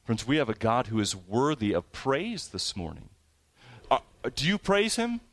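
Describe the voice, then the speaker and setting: A male pastor delivering a sermon, his voice mid-pitched and recorded close and dry. He stretches out scripture readings and leans hard on his emphasis. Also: huge pitch swings, fairly bright tone, no room sound. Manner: preaching with rising emphasis and slow drawn-out scripture reading.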